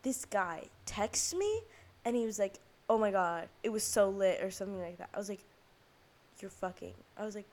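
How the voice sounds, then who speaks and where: A woman's voice: mid-range voice, expressive, moderate pace, a little mellow. A teenage girl hosting a podcast, telling a rambling story with lots of fillers and swearing. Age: teens. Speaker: podcast host. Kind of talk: casual storytelling monologue.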